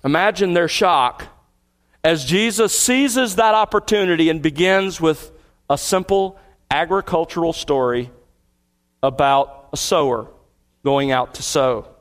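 A middle-aged man preaching an expository sermon. He slows down to stress key words and grows more excited as he builds a scene. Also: on the high side. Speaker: pastor.

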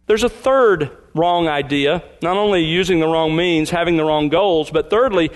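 A man delivering a sermon in a fairly high voice. He preaches with emphasis, slowing down and stressing key words as he explains a passage. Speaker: pastor.

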